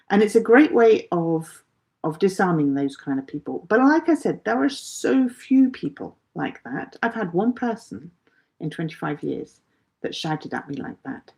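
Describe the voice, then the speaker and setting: A woman's voice: fairly low pitch, a little mellow. A middle-aged woman teaching a live online English lesson, patiently explaining with everyday examples.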